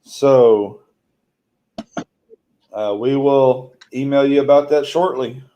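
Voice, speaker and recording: A man's voice: medium pitch, slow, mellow. A man hosting a live-stream charity auction, calling out bids in a folksy way. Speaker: auction host.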